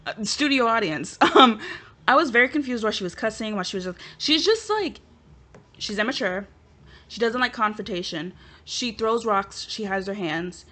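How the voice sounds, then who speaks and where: A woman vlogger chatting casually and with sass to her viewers, giving her opinions straight to camera. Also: mid-range voice. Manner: animated, sassy, talks straight to viewers. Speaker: vlogger reviewing a reality show.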